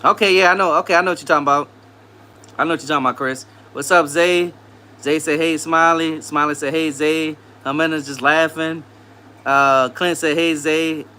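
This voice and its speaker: A man's voice: fairly high pitch, fairly even intonation, moderate pace, pushed and bright. A man from Louisiana with a Southern accent, hosting a casual livestream, reading viewers' comments aloud and greeting them in a laid-back, upbeat way. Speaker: livestream host.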